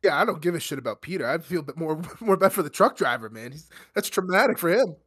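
A man's voice: on the high side, lively intonation, quick pace, fairly bright tone, slightly rough. Chill guy on a movie podcast, laughs along, voice goes up and down a lot. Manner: laid-back, laughing reactions and wisecracks. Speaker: podcast co-host. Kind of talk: casual movie-discussion chat.

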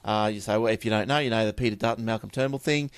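A man's voice: on the low side, rapid-fire, clear, resonant tone, dry recording, studio quality. An Australian man hosting a tech podcast, reading news stories with chatty, offhand asides and repeated words. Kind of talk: casual chat and news reading.

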